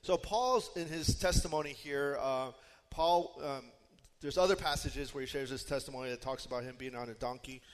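A man's voice: mid-range voice, normal speed. A man preaching a sermon as pastor, conversational and explanatory, with frequent fillers and asides. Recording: long hall reverb.

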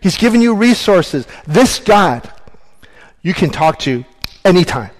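A man's voice: high-pitched, big pitch swings, measured pace. Earnest preaching man in a reverberant hall. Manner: earnest, emphatic preaching with scripture reading. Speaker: pastor. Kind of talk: sermon.

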